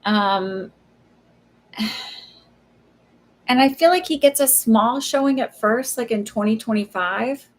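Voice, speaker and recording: A woman's voice: a little high, slow pace, pauses often. A woman in her thirties doing a live psychic reading, answering viewer questions in a casual, hesitant way with many fillers and friendly asides. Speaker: psychic reader on a livestream.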